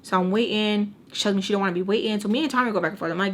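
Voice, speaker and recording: A woman's voice: medium pitch, very fast, few pauses. A young woman in her twenties casually telling a personal story, acting out her own lines and repeating phrases for emphasis. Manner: dramatic, acts out her own past lines in quotes. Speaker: storytime vlogger.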